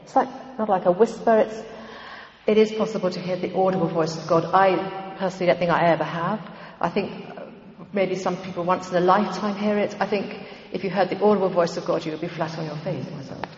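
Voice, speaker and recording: A woman's voice: lowish voice, fairly even intonation, fairly quick, a little hiss or hum. A woman giving an informal church teaching talk on prayer, conversational and meandering, with frequent ums and asides. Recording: dull, echoey hall recording.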